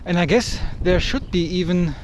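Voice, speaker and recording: A young man with a high voice walks and talks through a city park, filming himself on an action camera. His vlog narration is chatty and playful, full of jokes and exclamations. Faint outdoor noise sits behind him. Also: moderate pace. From Germany. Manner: joking, chatty, exclaims at sights. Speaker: travel vlogger. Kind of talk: casual walking vlog narration. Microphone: action camera mic.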